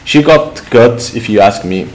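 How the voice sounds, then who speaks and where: A man reading the lines of a cowgirl woman with a folksy drawl, in his own low voice. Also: animated, measured pace, a little mellow.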